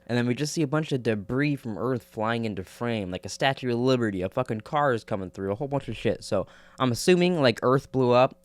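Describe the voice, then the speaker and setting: Excitable, foul-mouthed man reviewing TV. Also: medium pitch, dry recording. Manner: excitable, swears a lot, laughs often. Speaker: TV episode reviewer. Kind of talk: casual spoiler review.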